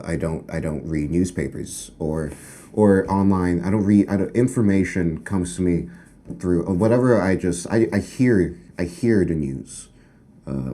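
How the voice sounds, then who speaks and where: A man doing a rambling sketch comedy monologue, halting and trailing off, with sudden loud outbursts. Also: low voice.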